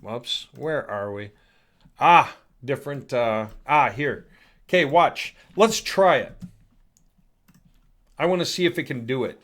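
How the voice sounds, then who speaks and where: A man hosting a casual software demo, chatty and thinking aloud as he clicks through. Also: medium pitch, animated, slow, long pauses. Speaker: host demonstrating software. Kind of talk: casual screen-recorded product demo.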